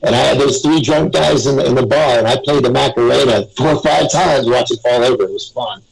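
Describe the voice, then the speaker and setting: A man's voice: medium pitch, a little fast, gravelly, slightly rough, poor audio. A man guesting on a live web radio show, telling stories in a rambling, casual way and chuckling between them.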